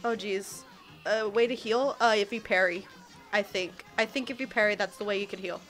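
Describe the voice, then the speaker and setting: A woman in her early twenties streaming a game, excitable and a bit tipsy, exclaiming, swearing and laughing as she plays. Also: medium pitch, moderate pace, soft background music. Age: early 20s. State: tipsy from taking shots. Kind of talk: casual gameplay livestream.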